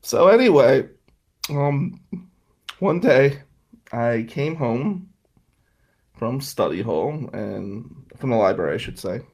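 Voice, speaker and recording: A man's voice: medium pitch, lively intonation, slow, pauses often, darkish tone, husky. A man in his forties telling a rambling, profane personal story to his viewers in a casual vlog. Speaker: vlogger.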